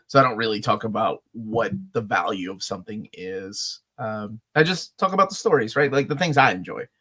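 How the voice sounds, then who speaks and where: A man's voice: fairly low pitch, animated, moderate pace, sharp tone, slightly rough. Laid-back man chatting about comics. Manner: laid-back, says "man" and "dude" a lot. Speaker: comics channel co-host. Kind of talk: casual live Q&A chat.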